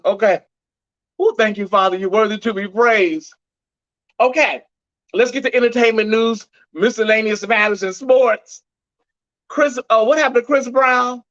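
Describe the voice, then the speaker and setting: A man's voice: sits high, measured pace, sharp tone, no echo, lo-fi sound. A man hosting a live headline show, delivering the news in a sassy, gossipy way and greeting viewers by name.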